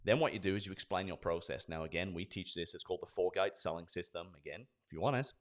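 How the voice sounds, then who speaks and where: A man in his forties, a sales trainer, giving an energetic lesson and acting out sales dialogues. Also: low voice, fast talker. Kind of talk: instructional talk with acted role-play.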